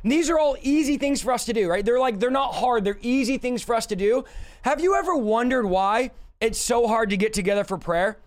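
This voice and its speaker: High-voiced hoarse male preacher. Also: brisk. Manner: fervent, repetitive preaching cadence. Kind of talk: live-streamed sermon. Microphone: streaming setup reading live chat.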